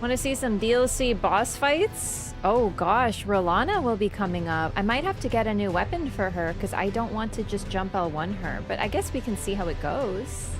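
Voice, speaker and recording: A woman's voice: medium pitch, normal speed, few pauses, music in the background. A young woman streaming a game, chatting casually and ranting with lots of fillers and swearing. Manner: animated, swears freely, rants with many fillers. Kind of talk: casual livestream chat.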